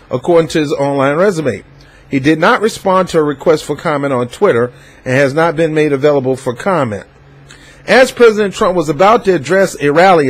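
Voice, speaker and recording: A man with a fairly high, husky voice gives loose news commentary. He rambles and digresses, stumbling through fillers as he goes. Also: low-quality recording. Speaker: vlog host.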